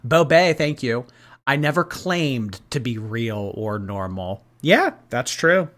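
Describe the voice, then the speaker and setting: Guy streaming from his desk, reading chat, gossipy and giggly, unhurried and bright. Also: medium pitch. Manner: animated and gossipy, laughing often. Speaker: livestream host reading viewer chat. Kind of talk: casual livestream chat.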